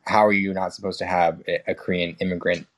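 A man's voice: deep voice, level tone, fast talker. A young man in casual conversation, rambling with restarts and fillers, frank and swearing casually. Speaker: guest.

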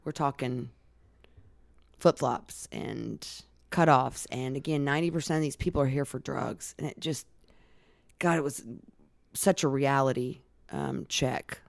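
A middle-aged woman, a podcast guest, telling her story in a casual, animated way, laughing often and swearing. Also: very deep voice, unhurried, gravelly, no room sound, clean studio sound.

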